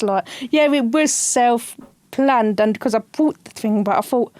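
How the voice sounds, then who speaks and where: A woman's voice: fairly high pitch, normal speed, darkish tone, no echo. A bubbly woman, a podcast guest, chatting with lots of giggles. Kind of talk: casual podcast chat.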